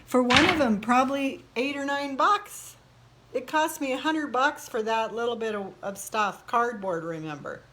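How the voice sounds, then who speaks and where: Inside the house she's remodeling, a middle-aged realtor talks casually to the phone in her hand at a normal speed, with slight background noise. Her voice is on the high side and fairly bright, and her tired, burnt-out rambling is peppered with laughs and exasperated asides.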